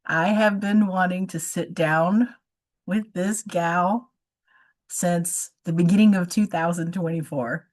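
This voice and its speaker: Woman, host, low voice, effusive, chatty, casual interview. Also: steady tone, takes it slowly, darkish tone, poor audio. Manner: effusive, chatty, with frequent restarts and fillers. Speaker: podcast host.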